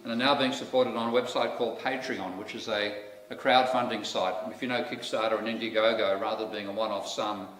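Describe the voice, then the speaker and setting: A man's voice: lowish voice, steady tone, fairly quick, a bit bright. A man with an Australian accent giving a public lecture in a wry, candid way, full of asides. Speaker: guest lecturer. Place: lecture hall. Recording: echoey hall, distant mic, faint noise.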